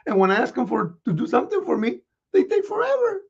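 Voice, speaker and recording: Gravelly, husky man playing Santa. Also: extremely high pitch, huge pitch swings, highs cut off. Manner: chuckling, folksy, halting with fillers. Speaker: Santa Claus performer. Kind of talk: reading children's letters as Santa.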